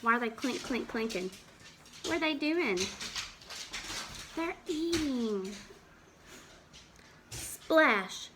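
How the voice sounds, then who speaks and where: A woman's voice: on the high side, a bit bright, slight background noise. A woman reads a farm picture book to children, acting out animal sounds and stopping to ask them questions. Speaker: teacher reading to children. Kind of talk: read-aloud storytime with explanations.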